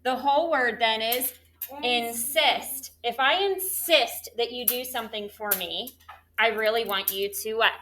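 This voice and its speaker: Woman teacher, bright clear voice, fairly high, classroom phonics drills, call-and-response questions. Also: moderate pace, a little hiss or hum. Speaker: third grade teacher.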